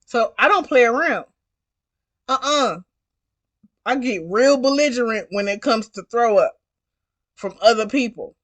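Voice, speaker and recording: A woman's voice: a little high, expressive, measured pace, long pauses, fairly bright tone. A woman who drives for a rideshare service, telling a story in a vlog in a blunt, emphatic way and repeating herself for stress.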